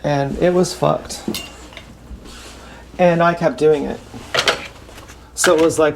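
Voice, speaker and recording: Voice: medium pitch, fairly even intonation, creaky. A vlogger rambling through a casual, unsure, sighing monologue while washing dishes at home. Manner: unsure, sighing, halting delivery. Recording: loud kitchen noise from dishes and tap. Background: running tap and clattering dishes.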